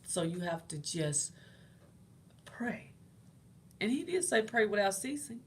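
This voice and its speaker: A middle-aged woman hosts her own channel and talks through faith in a relaxed, conversational way. Her voice has a gravelly fry, and she keeps repeating her points to drive them home. Her pitch sits in an ordinary middle range. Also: takes it slowly, slight background noise. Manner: conversational and encouraging, repeats phrases. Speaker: host. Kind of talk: casual faith talk to viewers.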